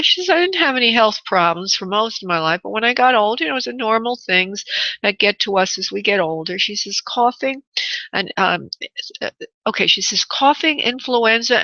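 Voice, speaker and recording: A bright, crisp-sounding woman gives a psychic reading over the radio, speaking gently to the caller. Her voice is close and dry, with a slightly dull, muffled broadcast sound. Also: mid-range voice, dry recording. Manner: soothing, calls caller honey and sweetheart. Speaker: psychic medium radio host. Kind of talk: live call-in reading. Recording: muffled radio phone-in audio.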